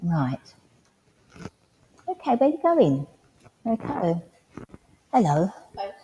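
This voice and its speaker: A woman working as a medium at a service, relaying spirit messages in a halting way full of ums, in a village hall. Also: mid-range voice, very animated, warm tone. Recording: echoey hall, faint background noise.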